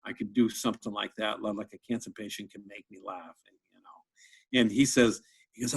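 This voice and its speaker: Man, stand-up comedian, husky, chatty storyteller, mid pitch. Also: brisk. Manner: chatty, animated joke-telling. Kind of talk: casual interview storytelling.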